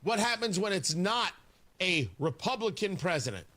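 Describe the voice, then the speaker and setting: A man with a high, bright voice hosts talk radio from a studio mic. His pitch swings widely as he argues, sarcastic and emphatic, pressing each point with indignation. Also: sing-song, moderate pace. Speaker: radio talk show host. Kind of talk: opinionated talk radio monologue. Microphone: studio microphone.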